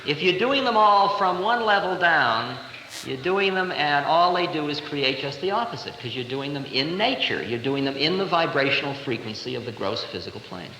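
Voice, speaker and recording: A man's voice: fairly high pitch, lively intonation, moderate pace, sharp tone, a little hiss or hum. A man in his thirties giving a playful, conversational spiritual lecture, recorded live in a large hall in 1970. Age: 30s. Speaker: spiritual teacher.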